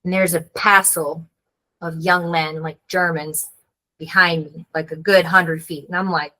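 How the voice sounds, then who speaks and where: An American author appearing as a guest tells an animated story in a casual conversation, using a bright, forceful but lowish voice at a measured pace. She says "like" often and acts out the voices of people she quotes, on a rough recording.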